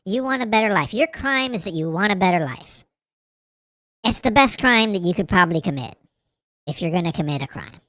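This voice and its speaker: A woman's voice: medium pitch, animated, a little fast, a bit bright, dry recording. A woman hosting a reaction commentary, talking bluntly and profanely, with lots of fillers. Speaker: commentary host.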